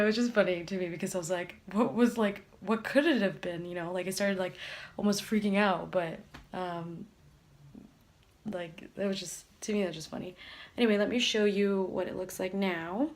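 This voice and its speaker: A woman's voice: medium pitch, fairly even intonation, normal speed. Chatty young woman vlogging, full of fillers. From Canada. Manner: chatty, hesitant, many fillers. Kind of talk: casual vlog update to camera.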